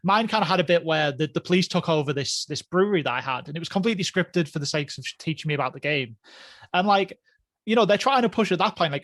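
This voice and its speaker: A man's voice: fairly high pitch, quick pace, a bit bright, dry recording, clean studio sound. A man co-hosting a casual podcast chat, rambling and hedging with lots of fillers and chuckles. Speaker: podcast co-host.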